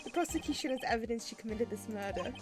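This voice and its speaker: A woman's voice: on the high side, expressive, quick pace, music in the background, natural voice. A woman voicing a smug young male prosecutor in a shaky mock British accent, speaking stiffly and formally. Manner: stiff, haughty courtroom speech.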